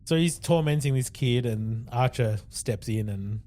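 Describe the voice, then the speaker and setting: A man's voice: mid-range voice, measured pace, warm tone. A man co-hosting a podcast, recapping an episode at length in casual chat and acting out quoted lines. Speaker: podcast co-host.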